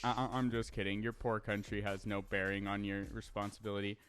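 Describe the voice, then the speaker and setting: A man's voice: on the low side, little pitch movement, fairly quick, fairly bright tone, soft background music. A young man streaming live, reading chat aloud and answering in a brash, profane way with lots of stammered restarts.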